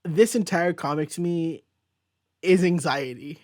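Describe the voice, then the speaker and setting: A man's voice: fairly high pitch, unhurried, darkish tone, no echo, clean studio sound. A man hosting a casual comic book review chat, rambling and thinking aloud as he goes. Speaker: host.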